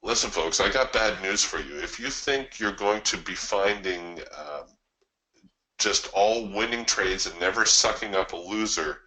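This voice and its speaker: A man's voice: lowish voice, pushed and bright, rough recording. A man hosting a live trading webinar, explaining his approach in a conversational way and telling stories to his listeners. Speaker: trading coach and webinar host.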